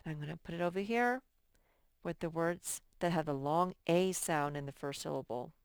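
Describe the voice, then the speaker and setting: A woman's voice: sits low, smooth, no room sound, studio quality. A woman teacher giving a recorded phonics lesson to young children, patient and thinking aloud as she works. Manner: slow, patient, thinks aloud while sorting words.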